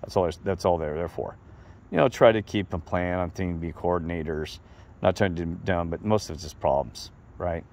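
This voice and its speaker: A middle-aged man telling a rambling, animated story in a casual monologue to his viewers. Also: low voice, normal speed, a little hiss or hum. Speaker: vlogger.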